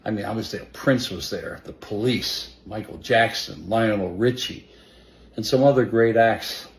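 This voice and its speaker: A man's voice: on the low side, measured pace. An older man talking into his phone on a livestream, rambling and short of breath. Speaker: clip of a singer on a livestream. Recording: roomy clip with faint background noise.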